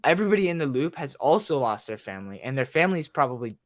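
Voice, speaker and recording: A man co-hosting a casual podcast, rambling excitedly with lots of "like" and restarts. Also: mid-range voice, fast, no echo, studio quality. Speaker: podcast co-host.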